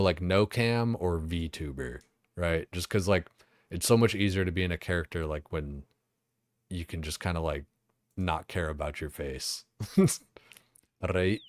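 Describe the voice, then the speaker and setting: A young man with a low voice chats loosely while streaming a game. He rambles, swears freely and keeps circling back on himself. The sound is close and dry, with no room behind it. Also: dry recording. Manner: rambling, swears a lot, many fillers.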